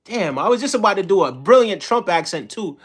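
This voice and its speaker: A man's voice: sits high, animated, brisk, slightly rough. A man casually chatting on a live stream about politics, mocking and talking straight to his viewers' messages. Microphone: desk microphone.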